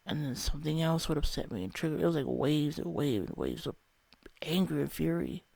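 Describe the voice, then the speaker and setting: A man's voice: on the high side, big pitch swings, a little fast, gravelly, a little mellow, no echo. A young man telling a candid, rambling personal story about a spiritual experience, swearing often. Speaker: vlogger.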